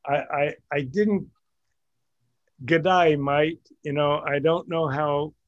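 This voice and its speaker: A middle-aged man hosting a casual group discussion, halting and self-correcting as he talks, often laughing. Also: fairly high pitch, fairly even intonation, no echo, muffled recording.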